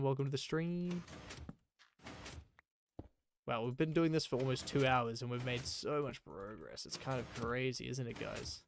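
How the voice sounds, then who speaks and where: A man's voice: medium pitch, a little hiss or hum. A man chatting casually and rambling while playing a game on a live stream, with many fillers.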